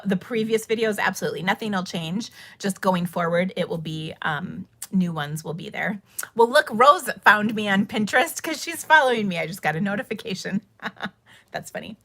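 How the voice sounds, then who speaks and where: A middle-aged woman hosts a live craft class from her home craft room, talking into a phone camera. Her voice is gravelly and her speech is rambling and chatty, full of fillers. The sound is dry, with no room echo. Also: medium pitch, animated, normal speed, fairly bright tone. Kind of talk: casual live-stream chat.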